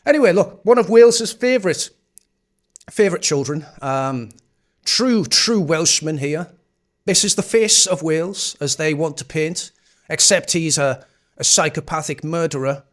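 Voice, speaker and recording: A man's voice: on the high side, a little slow. A man hosting a live stream, reacting to clips in casual, sarcastic commentary with frequent swearing.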